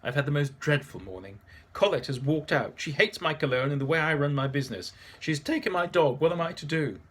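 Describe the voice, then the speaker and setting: A man's voice: fairly high pitch, lively intonation, fairly quick, a bit bright, slightly rough, voice pushed up. A man voicing a fussy, self-pitying young French winemaker in an audiobook. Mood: woeful. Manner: melodramatic, fussy.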